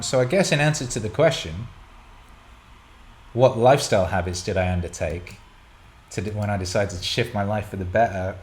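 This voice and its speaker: A man's voice: on the low side, a little hiss or hum. A man hosting a show, answering listener questions in a casual, rambling way, swearing freely and restarting his sentences often.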